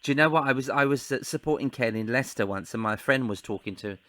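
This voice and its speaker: A man's voice: mid-range voice, fast, bright, forceful tone, dry recording. A man hosting a podcast, enthusiastic and laughing often in casual chat. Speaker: podcast host.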